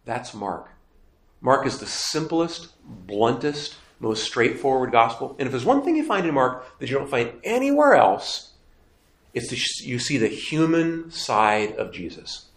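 A man's voice: medium pitch, big pitch swings, measured pace, reverberant. A man teaching a Bible class, emphatic and conversational, asking questions and then answering them himself. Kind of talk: catechism lecture.

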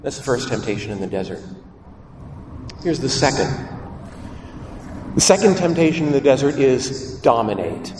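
A man's voice: mid-range voice, very animated, moderate pace, pauses often, noisy background. A man, a priest, giving a homily in a church, with a dramatic delivery that acts out the voices he quotes. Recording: roomy church reverb from a distance.

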